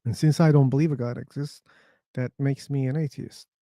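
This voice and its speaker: A man's voice: medium pitch, steady tone, brisk, dark tone, no echo. A man hosting a casual live-stream discussion, bluntly answering chat questions and joking with guests. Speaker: livestream discussion host.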